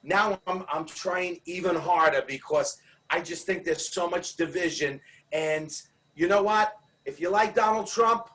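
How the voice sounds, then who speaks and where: Older jokey man, high voice, far from the mic. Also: measured pace. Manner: jokey, exuberant, loud bursts. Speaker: balloon artist guest. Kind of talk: comic casual chat.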